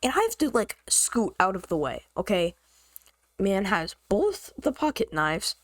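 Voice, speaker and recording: A woman vlogger telling a story in a slangy, joking, animated way. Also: mid-range voice, measured pace, dry recording. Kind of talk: casual storytime.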